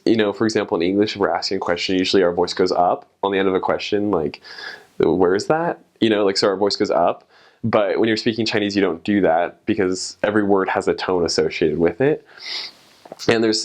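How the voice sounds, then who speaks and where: A young man explaining things in a casual, rambling way, with many fillers and restarts. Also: low-pitched. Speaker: vlogger.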